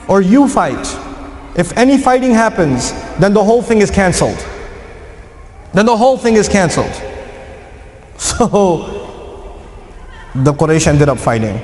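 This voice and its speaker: A man preaching and telling a story to an audience, lively, acting out the voices of the people in it. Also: sits high. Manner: animated, acts out quoted voices. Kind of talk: lecture storytelling. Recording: echoey hall.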